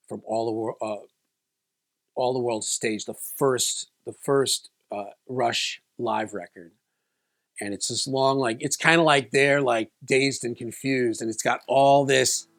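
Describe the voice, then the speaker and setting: A man's voice: mid-range voice, unhurried, fairly bright tone. Rambling man telling a story to camera. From South Florida. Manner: rambling, many restarts and "like"s. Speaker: video creator.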